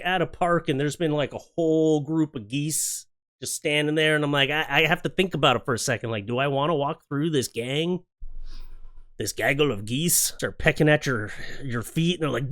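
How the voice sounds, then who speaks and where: A man's voice: a little high, moderate pace, fairly bright tone. A man hosting a clip-reaction show, ranting in a casual, sarcastic, jokey way. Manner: sarcastic, jokey rants with exaggerated acted quotes. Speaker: YouTube reaction host. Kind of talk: casual comedic commentary on clips.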